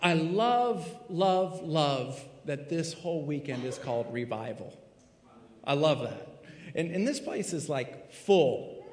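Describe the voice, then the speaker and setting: A man preaching a sermon in a full church sanctuary, swinging dramatically from hushed tones to shouting. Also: fairly high pitch, animated, slow. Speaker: pastor. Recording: echoey hall reverb.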